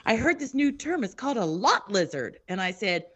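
A woman's voice: mid-range voice, normal speed, highs cut off, heavy background noise. A woman telling a story in casual chat, swearing and acting out the quoted lines of everyone in it. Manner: animated, swears, acts out quotes.

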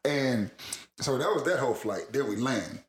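A man spins a rambling story in casual chat, laughing and cursing as he goes. His pitch swings widely and expressively. The voice carries a noticeable room echo. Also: normal speed. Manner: rambling, laughing, profane, animated.

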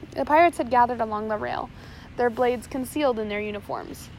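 Fairly high-voiced woman reading a storybook. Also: fairly quick, a little hiss or hum, poor audio. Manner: steady reading with small slips. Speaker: audiobook narrator. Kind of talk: audiobook narration.

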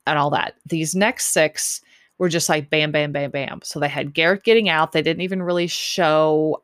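A woman with a low voice and a gravelly edge talks through a show recap in a loose, rambling way. She leans on fillers and repeats herself as she goes. The sound is dry and close, with no room around it. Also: a bit bright, no room sound. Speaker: podcast host recapping a dating show. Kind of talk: casual chat.

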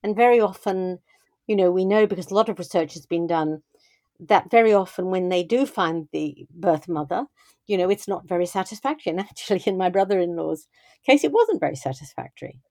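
An older woman speaks in a warm, mellow voice, recorded dry and close. She tells her stories thoughtfully, circling back with restarts and "you know" as she talks about raising children. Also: lowish voice, lively intonation, brisk, no room sound. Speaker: guest speaking on parenting. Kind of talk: reflective conversational storytelling.

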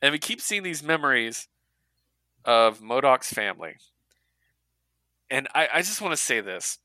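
A man co-hosts a casual podcast, retelling comic stories with animated energy and frequent laughter. His voice sounds bright and forceful, and the recording is dry and close. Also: mid-range voice, measured pace, no echo. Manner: animated storyteller, laughs often. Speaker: podcast co-host. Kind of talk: casual chat recapping comics.

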